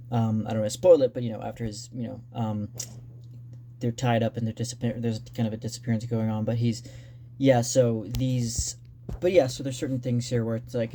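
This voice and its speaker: A man talking unscripted about his novel drafts in a rambling, halting way with many restarts. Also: medium pitch, dark tone, slight background noise. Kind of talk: unscripted casual vlog talk.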